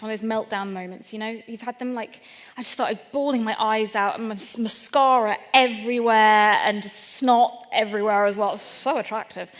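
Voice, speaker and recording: Self-mocking British woman comedian. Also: a little high. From Britain. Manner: animated, self-deprecating, laughs between lines. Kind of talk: stand-up storytelling talk. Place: event venue in London. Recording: echoey hall at a live event.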